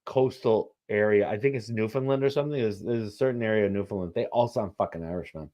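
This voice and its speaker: A laid-back man with a lowish voice chats through a live match. He swears freely and keeps dropping "man" and "bro". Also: fast talker, dark tone. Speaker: co-host. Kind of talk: casual live match-watching chat.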